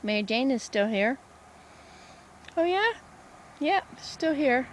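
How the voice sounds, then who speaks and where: A woman's voice: high voice, big pitch swings, takes it slowly, a little hiss or hum. A woman vlogging casually from home and garden, chatting in a meandering way to the camera and to herself. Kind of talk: casual rambling vlog.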